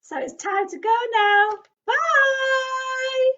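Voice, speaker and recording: A British woman presenting a painting activity for toddlers, her voice high and her delivery unhurried. She chats away with lots of small exclamations and questions aimed at young children. The recording sounds dull and lo-fi. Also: expressive, fairly bright tone, a little hiss or hum. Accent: British English. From England. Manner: chatty, exclamatory, talks straight to small children. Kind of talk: children's craft demonstration.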